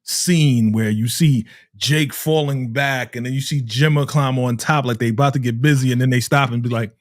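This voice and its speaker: A man's voice: mid-range voice, fairly even intonation, moderate pace, no room sound, clean studio sound. Laid-back man co-hosting a recap. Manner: laid-back, acts out characters' lines. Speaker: co-host. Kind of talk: casual TV recap chat on a live stream.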